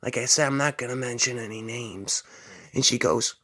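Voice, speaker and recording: A man's voice: mid-range voice, moderate pace, bright, forceful tone. A man telling a rambling personal story casually, dropping "man" between phrases. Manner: rambling, drawls, fillers like "man".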